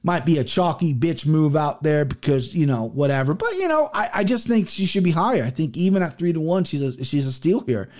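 A man's voice: on the high side, lively intonation, a little fast, hardly any pauses, darkish tone. A young man giving casual MMA betting picks, profane and rambling, with many restarts. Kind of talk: casual solo picks show.

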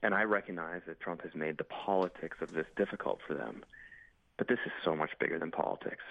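A man's voice: deep voice, steady tone, brisk, gravelly. A congressman and military veteran speaking urgently and emphatically as a guest in a news interview. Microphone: phone. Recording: dry tinny phone line.

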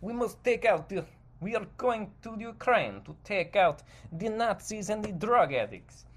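A boastful invader in an exaggerated put-on Russian accent, as a man mocks him. He speaks high and grand, swooping his pitch for effect. It is a deliberate caricature, not a real accent. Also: animated. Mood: mocking.

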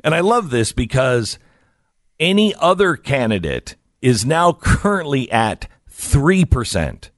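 Man, radio talk host, middle-aged, animated sing-song delivery, wry self-mocking storyteller, dry close mic. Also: mid-range voice, takes it slowly, dry recording. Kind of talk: casual talk radio chat.

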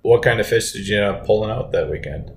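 Low-voiced easygoing man, echoey room. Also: animated, fast, creaky. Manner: easygoing storyteller, dry humor. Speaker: podcast co-host. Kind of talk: casual chat. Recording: roomy echo, faint rumble.

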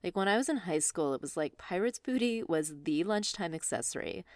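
A woman's voice: lowish voice, animated, fairly quick, a little mellow, no echo, studio quality. A woman co-hosting a podcast, chatting playfully, a bit out of breath and laughing easily. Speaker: astrology podcast co-host. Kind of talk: casual podcast chat. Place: room with open door during rainstorm.

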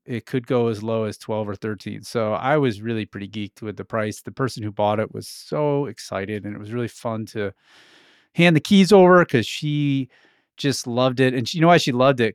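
A man's voice: mid-range voice, no room sound. Laid-back male podcast host, dry sound. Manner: laid-back, storytelling with quoted asides. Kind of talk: casual podcast conversation.

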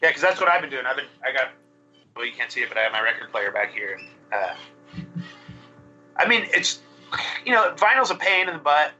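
A man, a band singer guest, talking over a video call in a relaxed, rambling way with fillers. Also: medium pitch, brisk, long pauses, highs cut off. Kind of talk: remote podcast interview.

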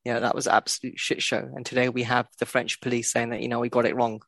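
A man's voice: medium pitch, monotone, fast talker, fairly bright tone, dry recording. A man co-hosting a podcast, talking football in a blunt, sweary way and laughing often. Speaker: podcast co-host. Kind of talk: casual football chat.

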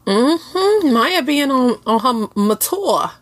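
A woman's voice: high-pitched, big pitch swings, takes it slowly. Sassy woman trading profane commentary. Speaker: podcast co-host. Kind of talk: casual chat.

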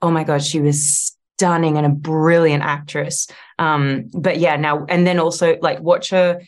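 An Australian woman with a low voice chats freely in an interview. She talks in quick, looping sentences, stacking fillers and restarts as she thinks aloud. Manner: chatty, lots of likes and restarts, animated. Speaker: actress guest. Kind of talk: casual interview chat.

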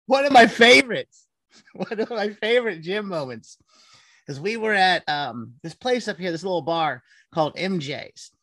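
A man's voice: high voice, sing-song, moderate pace, a bit bright, no room sound. A man telling stories about a friend in casual conversation, laughing often. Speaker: friend sharing memories.

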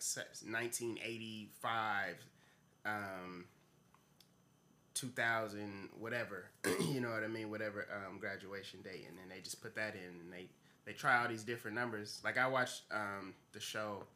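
Brief: male co-host, bright and forceful tone, rambling casual chat. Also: lowish voice, unhurried. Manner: rambling, many fillers and restarts, animated. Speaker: podcast co-host.

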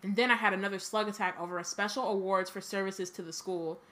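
A worn-out schoolboy wizard groaning his complaints in a low, quiet voice, read by a woman. The tone stays bright. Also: fairly even intonation, fast talker, lightly acted. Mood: weary. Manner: groaning, weary. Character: tired, grumbling schoolboy wizard.

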